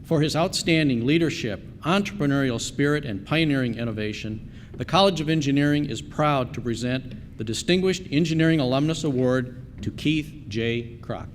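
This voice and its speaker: Man, formal scripted introduction, measured reading, reverberant hall, faint noise. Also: mid-range voice. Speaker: presenter of award.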